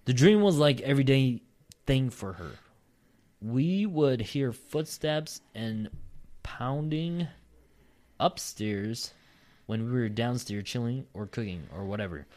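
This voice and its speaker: A man's voice: mid-range voice, expressive, takes it slowly, a little mellow. A man hosting a casual podcast, reading a listener's story aloud and breaking off for profane, joking asides. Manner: profane, laughing asides between read lines.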